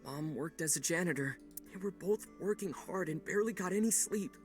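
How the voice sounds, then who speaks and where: A man's voice: high-pitched, a little fast, soft background music, close to an everyday voice. An actor playing a guilt-ridden young man who dropped out of college, speaking earnestly and blaming himself, in a video game. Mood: regretful. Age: young adult. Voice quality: earnest, self-reproaching. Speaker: game character.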